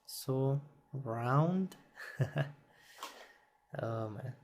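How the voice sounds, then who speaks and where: Non-native male tutorial host, unhurried, tired, thinks aloud and corrects himself. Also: mid-range voice, animated, darkish tone, a little hiss or hum. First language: not English. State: yawning, tired. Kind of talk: screen-recorded software tutorial.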